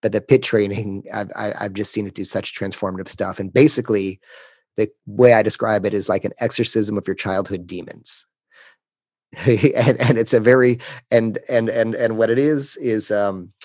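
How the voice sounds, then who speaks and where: A man speaking as a podcast guest, telling a candid story in a halting way, often restarting sentences and emotional at times. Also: lowish voice, fairly even intonation, darkish tone, breathy edge, no room sound.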